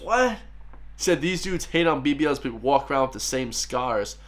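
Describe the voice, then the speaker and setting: A man's voice: mid-range voice, a little fast, very noisy. Irish man chatting through a reaction video. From Ireland. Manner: chatty, laughs often, addresses viewers as guys and bro. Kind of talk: casual reaction commentary.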